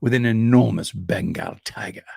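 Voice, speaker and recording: A man voicing a very old English field marshal who speaks slowly and drily. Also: fairly low pitch, wildly swooping pitch, gravelly, dark tone, slightly rough, no room sound, full character voice. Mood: deadpan. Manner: slow, dry, understated. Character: ancient male English field marshal, slow.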